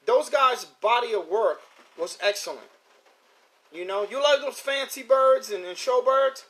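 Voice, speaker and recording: A man's voice: very high-pitched, a little slow, fairly bright tone. A middle-aged man hosting a pigeon racing live stream, talking casually in a rambling way and repeating his words as he chats with viewers. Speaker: host of a pigeon racing show. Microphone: phone or computer mic.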